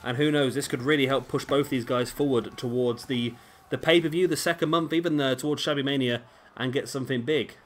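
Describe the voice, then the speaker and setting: A man's voice: mid-range voice, fairly even intonation, brisk, few pauses, soft background music. Chatty man commentating a wrestling game. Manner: rambling, self-questioning, chatty. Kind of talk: casual play-by-play commentary.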